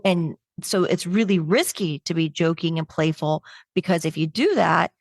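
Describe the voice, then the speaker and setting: Brash joking woman with a low voice. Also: normal speed, dry recording, clean studio sound. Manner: brash, joking, punchy delivery with acted-out quotes. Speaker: webinar speaker on humor. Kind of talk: stand-up style comedic talk.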